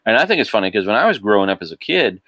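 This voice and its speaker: A man with a very low voice, talking in a casual podcast chat. He is animated, laughs often and restarts his sentences. The sound is dry and close. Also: very fast, dry recording. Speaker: podcast guest.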